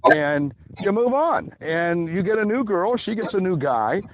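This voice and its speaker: A man holds forth in a loose, opinionated ramble, stretching out words for emphasis. He is slightly out of breath as he talks outdoors by a river. The audio is thin and phone-like, with clear noise underneath. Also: high voice, sing-song, a little slow. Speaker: podcast host. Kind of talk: casual monologue.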